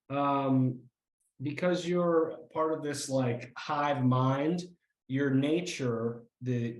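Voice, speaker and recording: A man running a tabletop game as game master, halting and often breaking into laughter. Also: medium pitch, darkish tone, roomy sound, low-quality recording.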